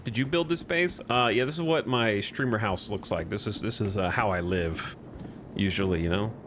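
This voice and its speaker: A man's voice: fairly low pitch, moderate pace, noisy background. A man streaming a video game, chatting casually with viewers in a rambling, jokey way and restarting his sentences often. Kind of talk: casual live-stream chat.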